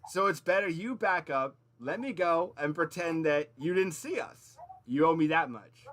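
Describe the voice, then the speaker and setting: A man's voice: fairly high pitch, lively intonation, normal speed, a bit bright. A man doing a cocky flippant rogue. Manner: flippant, slangy banter.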